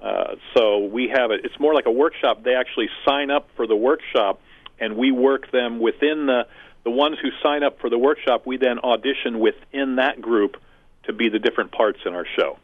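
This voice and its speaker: Speaking at a moderate pace with medium pitch, a middle-aged man discusses the community theater he co-founded and owns. The casual interview is dry and tinny, like a phone line, and he comes across as earnest and methodical, often drawing long comparisons.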